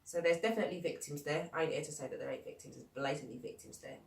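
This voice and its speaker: A blunt young woman chats casually as a podcast host, dropping swear words as she goes. Her voice sits on the low side. She is recorded in an echoey room, some way off the mic. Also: racing, distant mic. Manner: blunt, swears freely, lively storytelling. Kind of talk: casual chat.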